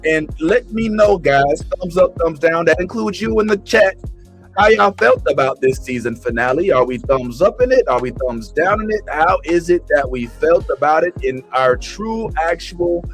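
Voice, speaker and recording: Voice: medium pitch, lively intonation, moderate pace, slightly rough, soft background music. A livestream host running a casual chat, upbeat and addressing the viewers.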